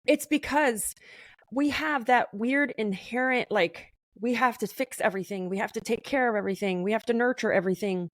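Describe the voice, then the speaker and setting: A woman hosting a conversational podcast interview, talking in an animated, emphatic way. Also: a little high, moderate pace, no room sound, studio quality.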